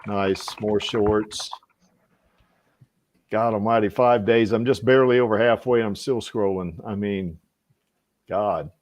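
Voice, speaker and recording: A man's voice: on the low side, a little slow, pauses often, a little mellow. A man hosting a casual livestream podcast, rambling with lots of fillers and frequent laughs. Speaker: podcast host.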